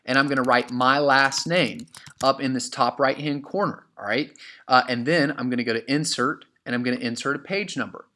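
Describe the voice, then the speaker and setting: A man's voice: medium pitch, pushed and bright. A man teaching an English class over a screen recording, asking and answering his own questions with many "uh"s and "okay?" checks. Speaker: high school English teacher. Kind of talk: screen-share lesson.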